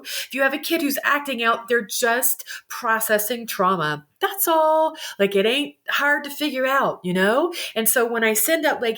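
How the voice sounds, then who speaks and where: Expressive woman guest, higher voice, bubbly and quick to laugh. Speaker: guest, psychic medium and animal communicator. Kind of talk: candid conversational interview.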